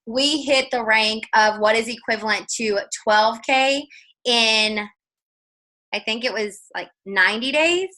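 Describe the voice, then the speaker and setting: A guest speaker tells her story on a video call, unhurried but lively and chatty, voicing bits of dialogue along the way. She has a bright, slightly high voice, captured in a rough recording.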